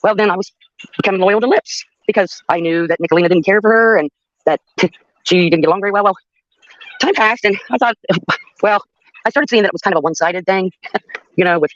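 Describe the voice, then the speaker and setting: A woman's voice: medium pitch, brisk, long pauses, no echo, dull audio. An older woman telling a story on her livestream in a blunt, profane way, with laughs between her sentences. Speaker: livestream host. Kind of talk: casual storytelling.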